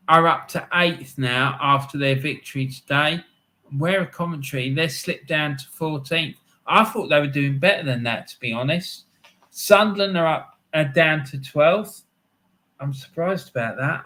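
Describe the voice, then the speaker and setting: A middle-aged man talks football on his live stream. His voice is bright and forceful and sits a little high. He rambles through anecdotes and laughs often. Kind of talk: casual live-stream chat.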